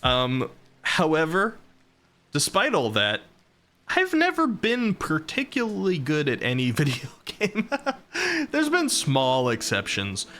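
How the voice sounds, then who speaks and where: Chuckly man streamer, bright voice. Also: fairly high pitch, wildly swooping pitch, slow pace, soft background music. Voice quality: rambling and chuckling between thoughts. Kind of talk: casual live-stream chat.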